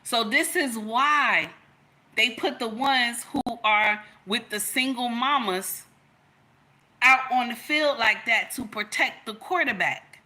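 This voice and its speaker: A woman's voice: fairly high pitch, takes it slowly, pushed and bright. A woman, giving an emphatic, storytelling opinion monologue in which she repeats her points. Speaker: content creator.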